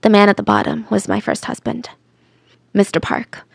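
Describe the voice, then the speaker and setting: A woman's voice: medium pitch, flat delivery, normal speed, vocal fry, no room sound, clean studio sound. A woman voicing a female suspect who answers questions in a matter-of-fact, rehearsed way. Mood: flat, evasive. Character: woman suspect, calm, flatly evasive.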